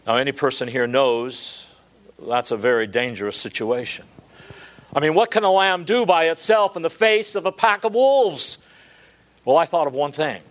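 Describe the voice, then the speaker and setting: Earnest preacher, fairly high male voice. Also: lively intonation, normal speed. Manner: earnest, swings from emphatic rises to low hushed passages. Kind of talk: expository sermon.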